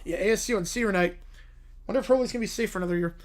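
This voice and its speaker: A man hosting a casual live stream, tossing quick, low-key asides about the game.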